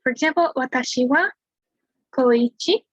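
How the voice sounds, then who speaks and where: Husky-voiced woman tutoring casually. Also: sits high, normal speed, dry recording, highs cut off. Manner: relaxed, chatty explaining with fillers and small laughs. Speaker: Japanese language tutor. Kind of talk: casual screen-share lesson.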